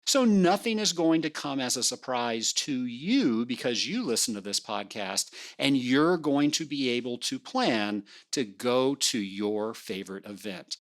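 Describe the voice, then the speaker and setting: Upbeat podcast host with lively pitch. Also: female voice, measured pace, hardly any pauses, dry recording, studio quality. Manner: upbeat, playful, swings in pitch. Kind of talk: energetic podcast interview.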